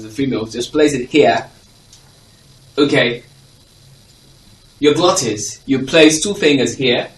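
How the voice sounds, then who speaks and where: A male teacher giving a phonics lesson to a class. He repeats example words with stress and checks that the class is following. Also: medium pitch. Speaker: English teacher. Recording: echoey room, voice from a distance.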